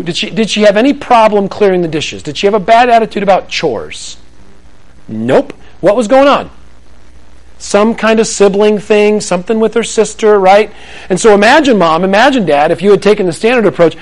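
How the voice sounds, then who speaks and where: In a rough recording, a middle-aged parenting speaker addresses an audience in a room with a Christian talk on raising kids. His high-pitched voice moves through wide swings at an ordinary speed, and he acts out family conversations and pokes fun at himself while storytelling with energy.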